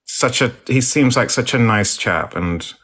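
A man's voice: medium pitch, expressive, unhurried, fairly bright tone. A man chatting casually on a live stream, posh and theatrical, fond of old-fashioned words. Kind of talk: casual live chat reading comments.

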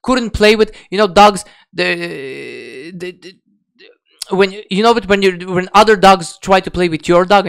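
Profane, blunt man with a smooth voice. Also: high voice, lively intonation, measured pace, fairly bright tone. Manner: profane, blunt, many restarts and fillers. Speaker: diet vlogger. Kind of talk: unscripted rant to camera.

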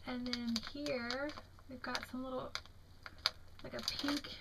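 Her voice is high, gravelly, and level in tone, recorded in very noisy conditions. She's a young Southern American crafting vlogger, tired and yawning, drawing out her words as she admiringly shows off craft mail at home in a casual show-and-tell.

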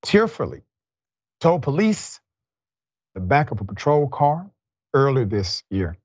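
A male show host delivering news commentary in a somber, deliberate manner. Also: mid-range voice, big pitch swings, a little mellow, slightly rough, no room sound, dull audio.

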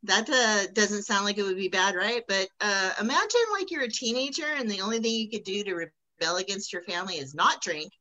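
Bright-voiced woman doing stand-up. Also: medium pitch, fairly quick, hardly any pauses, dull audio. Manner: chatty storytelling, laughing at her own jokes. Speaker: stand-up comic. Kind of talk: stand-up comedy set. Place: comedy stage before a live audience.

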